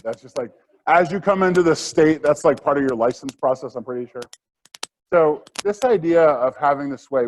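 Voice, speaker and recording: A man's voice: mid-range voice, a little mellow, a little hiss or hum, rough recording. A middle-aged man presenting a live workshop lecture in a conversational way, with fillers and asides.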